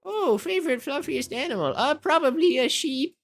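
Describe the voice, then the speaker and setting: A woman's voice: high-pitched, animated, normal speed, pitched above the performer's own voice. A woman putting on a quavery, forgetful old lady. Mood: muddled. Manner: rambling, doddering, calls people sweetheart. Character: forgetful, sweet old woman at her birthday party.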